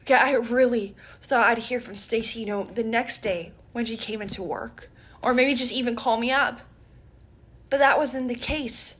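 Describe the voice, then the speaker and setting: High-voiced woman doing a storytime skit, lively and dramatic, whispers then gets loud. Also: moderate pace, breathy edge. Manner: animated, switching between whispers and raised voices.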